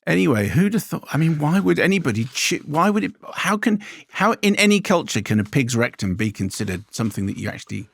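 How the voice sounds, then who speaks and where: A man's voice: on the high side, sing-song, fast talker, vocal fry, hardly any pauses, a bit bright, breathy edge, no room sound. Dry-voiced man reading listener mail. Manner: dry, teasing, reads letters aloud. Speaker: co-host reading listener emails. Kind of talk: bantering podcast chat.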